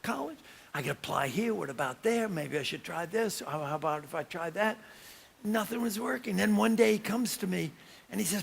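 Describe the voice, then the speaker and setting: A man giving a motivational keynote speech at a business conference, telling stories and acting out the voices and shouts of the people in them. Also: high voice, moderate pace, vocal fry, pauses often, husky. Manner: animated storytelling with acted-out voices and shouts. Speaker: keynote speaker. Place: conference hall.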